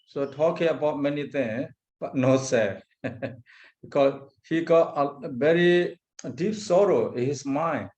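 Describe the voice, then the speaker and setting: A man teaching as a Buddhist monk, lecturing on a Pali text, repeating terms and pausing often. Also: on the high side, a little mellow. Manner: slow, repeats Pali terms, frequent hesitations.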